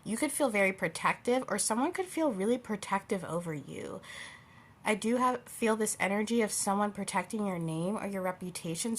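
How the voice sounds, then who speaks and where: A young woman giving a casual tarot reading to her viewers, chatty and rambling, often losing her thread and laughing. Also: mid-range voice. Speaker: tarot reader.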